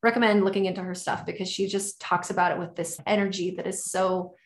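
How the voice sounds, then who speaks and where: A woman's voice: lowish voice, little pitch movement, quick pace. Gushing woman in an echoey room. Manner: enthusiastic, effusive, gushing. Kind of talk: casual podcast conversation.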